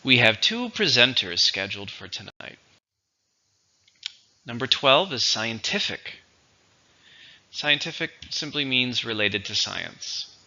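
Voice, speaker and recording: A man teaching English vocabulary in a slow, deliberate lesson, spelling out syllables and stress. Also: mid-range voice, very animated, sharp tone, muffled recording. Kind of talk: recorded vocabulary lesson and dictation.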